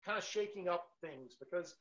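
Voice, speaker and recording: A man co-hosting a live marketing stream, pitching in an emphatic, motivational way. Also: moderate pace, fairly bright tone. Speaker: co-host of a marketing webinar. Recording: dull, lo-fi stream audio.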